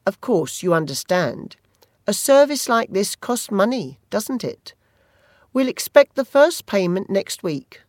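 A cruel teenage schoolboy bully, as the audiobook reader puts him on, his voice pitched well above the reader's own and laced with mockery. He drags out his threats slowly and sneers at his victim. The recording is close and dry. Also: big pitch swings, dry recording. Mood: menacing. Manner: taunting, sneering, slow threats. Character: mocking menacing teenage boy bully.

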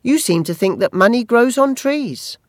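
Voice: mid-range voice, lively intonation, normal speed, dry recording, studio quality, voice pushed up, lightly acted. Reader doing a chiding mother. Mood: scolding. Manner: chiding, reproachful. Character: scolding, exasperated mother.

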